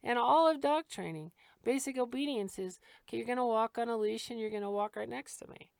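A woman's voice: a little high, fairly quick, gravelly, dry recording. A middle-aged woman, a dog trainer, talking frankly and casually, laughing easily as she explains her methods.

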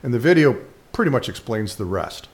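A man's voice: mid-range voice, big pitch swings, a little fast. A man speaking as a dog trainer, giving casual instructional commentary with frequent fillers and restarts.

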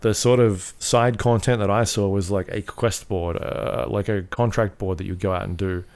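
This podcast co-host has a lowish, darkish voice with a steady tone and normal speed. Chatting casually about video games, he rambles, swears freely, and fills his talk with fillers as he thinks aloud.

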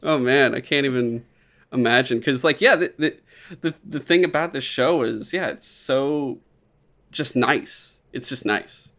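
A man talks in a loose, casual podcast chat. His delivery is animated and he swears freely. He laughs often between remarks. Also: medium pitch, measured pace. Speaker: podcast co-host.

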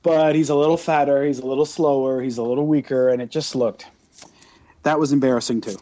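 A man co-hosting a podcast in casual chat, talking in an animated, ranting way and slipping into mocking impressions. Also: medium pitch, fairly quick. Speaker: podcast co-host.

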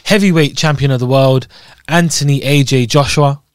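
A man's voice: medium pitch, normal speed, clean tone, no room sound, studio quality. A young man from Scotland co-hosting a podcast in loose, rambling, jokey chat. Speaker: podcast co-host. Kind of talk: casual chat.

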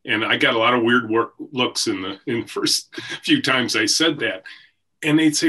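A man's voice: medium pitch, moderate pace, bright, forceful tone. A middle-aged man, a company CEO, guest on a podcast, talking reflectively and telling stories about his workplace. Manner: reflective, story-telling, occasional laughs. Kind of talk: conversational podcast interview. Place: office with a team room behind him.

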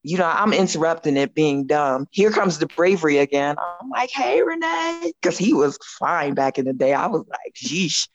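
A woman in her fifties tells a story as a podcast guest, animated and quick to laugh, acting out her own lines. Her voice sits a little low for a woman. The recording is close and dry. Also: no room sound, lo-fi sound. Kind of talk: casual storytelling chat.

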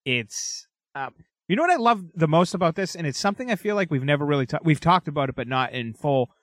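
A man's voice: a little high, expressive, quick pace, no room sound, clean studio sound. A man co-hosting a podcast, chatting loosely and with emphatic enthusiasm. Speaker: podcast co-host. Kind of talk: casual chat.

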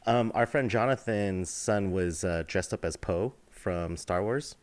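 A man co-hosting a podcast, telling stories in a relaxed way with plenty of fillers. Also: on the low side, a little slow, dry recording. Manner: relaxed storytelling with many fillers. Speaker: podcast co-host. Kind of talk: casual chat.

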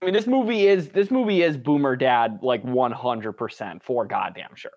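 A man with a lively voice that swings widely in pitch reacts to a film in disbelief. He talks casually, swears freely, and stretches some words for effect. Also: normal speed. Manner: animated, profane, incredulous. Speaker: podcast co-host. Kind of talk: casual movie review chat.

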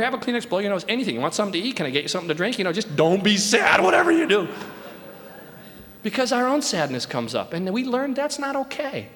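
A man's voice: high voice, a bit bright. A man talking casually to a live audience in a hall, peppering his talk with questions to the crowd and lots of "you know". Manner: chatty, asks the crowd questions, many fillers. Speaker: speaker addressing a live audience. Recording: long hall reverb, faint guitar.

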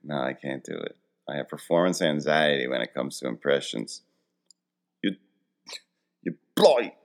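A man's voice: a bass voice, fairly quick. A man in his forties hosting a casual comedic monologue, rambling and poking fun at himself. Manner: rambling, self-deprecating storytelling.

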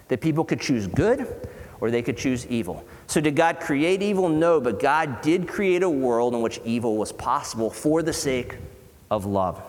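Earnest male pastor in a reverberant hall. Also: fairly high pitch. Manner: earnest, conversational, with dramatic pauses and voiced quotes. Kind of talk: sermon. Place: church hall.

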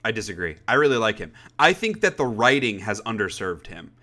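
A young man co-hosting a podcast, talking in a rambling, animated way and swearing casually. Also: on the low side, fairly quick. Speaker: podcast co-host. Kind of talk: casual chat.

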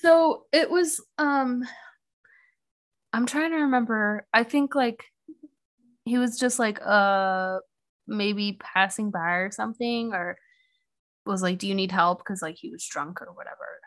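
A young woman co-hosts a podcast, recounting a true crime case in casual, chatty talk packed with "like" and "um." Her mid-range voice is a little slow and a bit bright.

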